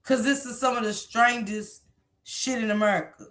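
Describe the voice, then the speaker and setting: Give me a blunt, profane woman in her forties hosting a commentary stream with a bright, sharp voice. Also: a little high, steady tone, moderate pace. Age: 40s. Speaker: commentary livestream host. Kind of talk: reaction commentary.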